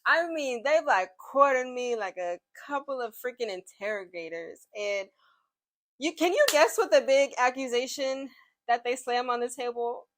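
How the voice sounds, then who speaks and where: A young woman telling a dramatic storytime about work, expressive and full of slang and asides. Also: a little high, moderate pace. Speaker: vlogger telling a workplace story. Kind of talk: animated storytime monologue.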